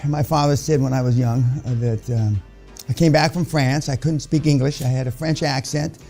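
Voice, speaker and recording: A man's voice: mid-range voice, steady tone, normal speed, vocal fry, warm tone, faint music behind. An older man giving a blunt, profane motivational lecture to a seminar audience, rambling with many restarts. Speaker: seminar speaker.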